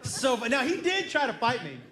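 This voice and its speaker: A man's voice: very high voice, very animated, brisk, sharp tone, echoey room. A man doing stand-up comedy, telling family stories in a dry, amused way.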